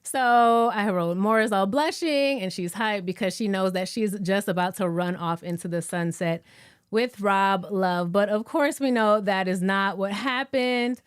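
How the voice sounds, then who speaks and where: A woman hosting a casual live recap chat, animated and playfully mimicking the people she talks about. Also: mid-range voice, unhurried, clean tone, dry recording, studio quality. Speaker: host.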